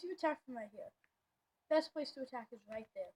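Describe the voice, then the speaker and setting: Excitable high-voiced woman gaming. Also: fairly quick, breathy edge. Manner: excitable, rambling, lots of fillers and slang. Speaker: gameplay video host. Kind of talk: casual gameplay commentary.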